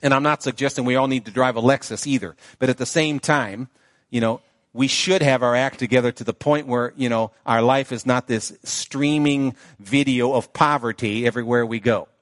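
A man's voice: medium pitch, normal speed, no echo, clean studio sound. A male pastor preaching a sermon in a conversational way, often checking in with the congregation. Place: church sanctuary.

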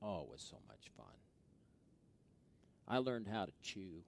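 A middle-aged pastor preaching a sermon and telling stories from his youth, swinging between hushed asides and loud, excited stretches. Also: sits low, unhurried, vocal fry, a little hiss or hum.

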